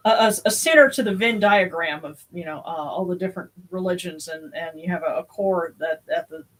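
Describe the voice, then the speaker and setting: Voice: mid-range voice, fairly quick, a bit bright, low-quality recording. A livestream host chatting casually, rambling and hesitant with many fillers and restarts. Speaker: host of a religious livestream service.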